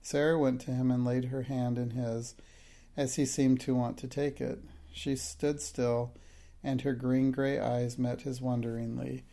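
A man reads a storybook aloud in a steady, measured way. His voice is mellow and somewhat gravelly. It keeps a narrow, even pitch. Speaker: audiobook narrator. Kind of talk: scripted narration.

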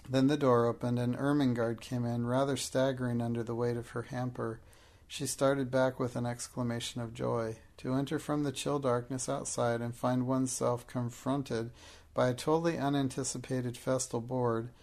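A man narrating a storybook in a measured, even reading. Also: mid-range voice. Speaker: audiobook narrator.

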